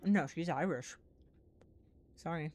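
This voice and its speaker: A woman's voice: sits low, slow, a little mellow. Chatty woman streamer laughing along. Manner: chatty, giggly, reacts aloud to the game. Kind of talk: casual game commentary.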